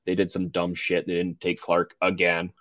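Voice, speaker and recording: A man's voice: sits low, completely flat delivery, normal speed, fairly bright tone, no echo. A young man in a casual sports chat, blunt and offhand. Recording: dull lo-fi mic.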